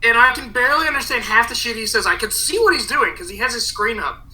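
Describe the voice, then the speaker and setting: A man's voice: very high voice, lively intonation, fast talker, pushed and bright, poor audio. Tired, sarcastic young man on a headset. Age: young adult. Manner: sarcastic, swears a lot, complains wearily. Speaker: podcast guest. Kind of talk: casual podcast chat. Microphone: headset over a voice call.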